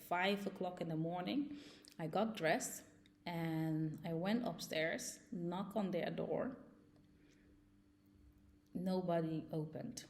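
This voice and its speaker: A woman's voice: fairly low pitch, creaky, a little mellow. A young woman vlogger telling a personal story in a casual, agitated and emotional way.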